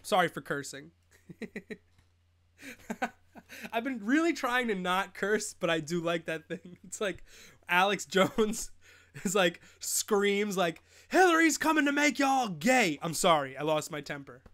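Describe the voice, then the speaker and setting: A man's voice: high voice, lively intonation, slow pace, long pauses, a bit bright. A young man in his twenties hosting a live fantasy football stream, rambling and joking in casual chat, laughing often. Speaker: host.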